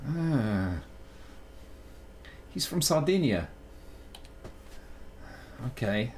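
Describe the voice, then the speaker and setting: Over slight background noise, a man with a mid-range voice and lively intonation speaks at a slow pace. He's coding on a live stream, chatting casually, thinking aloud, making self-mocking jokes, and slipping between Italian and English.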